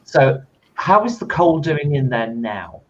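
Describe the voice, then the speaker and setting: A man's voice: on the high side, very animated, slow, dull audio. A man playing in a tabletop game, speaking a haughty character with stiff, formal phrasing. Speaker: player. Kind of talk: casual tabletop play, in and out of character.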